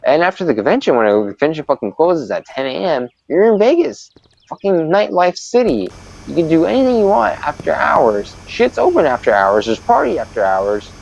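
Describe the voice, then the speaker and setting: A man's voice: fairly high pitch, sing-song, moderate pace, vocal fry, darkish tone, muffled recording. A male streamer telling a story in a casual, profane, exasperated rant. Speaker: live streamer. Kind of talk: casual storytelling while gaming.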